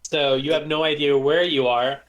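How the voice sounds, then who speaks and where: A man's voice: on the high side, steady tone, normal speed, fairly bright tone. Man narrating a tabletop game. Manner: descriptive, hesitant with many fillers. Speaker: game master.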